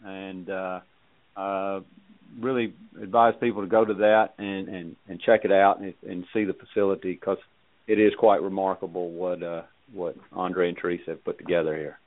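A man with a Southern accent, a veterinarian guest on a radio interview, speaking in a halting, folksy way. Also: sits low, level tone. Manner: halting, folksy, many fillers and restarts. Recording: tinny phone line.

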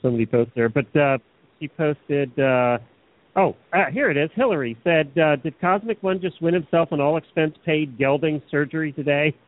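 Wry teasing radio guy, kinda high voice, dry tinny phone sound. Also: normal speed. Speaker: radio co-host. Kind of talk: casual radio chat.

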